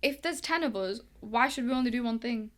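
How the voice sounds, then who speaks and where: Here a guest who coaches boxing, a young woman from England, speaks fairly quickly in a fairly high voice. Chatty and animated, she performs the quoted lines as she recounts stories during a casual interview.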